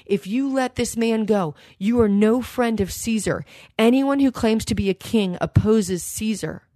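A woman voicing an angry crowd of leaders who loudly and insistently demand punishment. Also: a little high, measured pace, no echo, voice pushed up, natural voice, rough recording. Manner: loud, insistent shouting.

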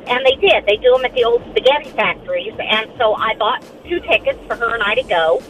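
Woman guest, casual chat; bright, straightforward storyteller. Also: fairly high pitch, far from the mic, a little hiss or hum, rough recording. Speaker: guest, murder mystery actress.

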